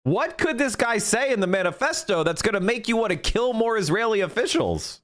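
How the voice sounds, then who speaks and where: A man's voice: high-pitched, big pitch swings, fairly quick, fairly bright tone. A man commenting on a podcast clip in a sarcastic, incredulous way. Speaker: stream reactor. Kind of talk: reaction commentary.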